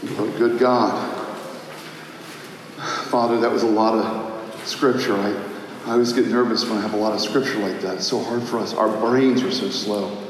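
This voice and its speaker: A man preaching a sermon as pastor, swinging between impassioned shouting and hushed prayer. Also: fairly low pitch, steady tone, moderate pace, pauses often, recorded from a distance, a little hiss or hum. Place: church sanctuary. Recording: echoey hall, faint ambience.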